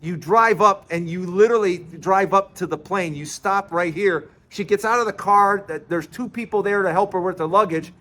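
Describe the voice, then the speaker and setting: A high-voiced man talks straight to his viewers. He tells the story in a loose, chatty way, laughing along and tripping over his words. It sounds like unscripted commentary. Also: moderate pace, hardly any pauses, sharp tone.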